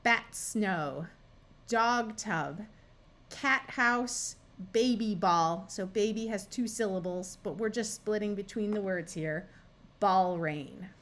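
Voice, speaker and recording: Slow, patient American woman teaching phonics. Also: medium pitch, a bit bright. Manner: patient, spells out sounds and words one by one. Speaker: reading tutor. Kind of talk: slow, careful phonics lesson.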